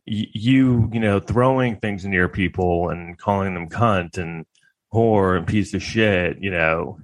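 A man's voice: low voice, fairly bright tone. A man hosting a podcast, talking casually in a rambling, filler-heavy way and acting out quotes. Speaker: podcast host. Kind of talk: casual monologue.

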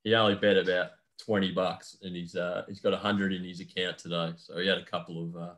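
A man's voice: low voice, little pitch movement, fairly quick, fairly bright tone. Laughing man telling stories. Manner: laughing storyteller, swears a lot. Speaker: podcast co-host. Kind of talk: casual chat.

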